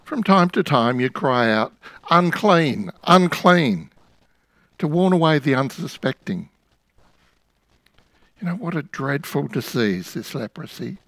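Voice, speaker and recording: A man preaching a sermon, retelling a scripture story in the second person with vivid, dramatic pauses. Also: mid-range voice, animated, creaky, no echo.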